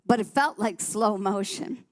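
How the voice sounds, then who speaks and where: A woman's voice: medium pitch, unhurried. A woman sharing her personal testimony on a church talk show, telling her story vividly and animatedly, often restarting her sentences.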